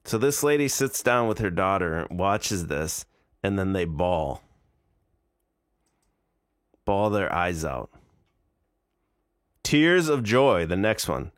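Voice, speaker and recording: Man in his forties, low voice, dry close sound, live-stream commentary, incredulous, mocking. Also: a bit bright, no room sound. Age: 40s.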